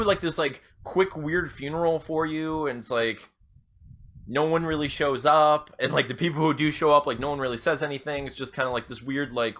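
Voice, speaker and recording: A young man co-hosting a podcast, rambling through a comedic pitch and acting out quoted lines with sudden jumps in pitch. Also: fairly bright tone. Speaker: podcast co-host.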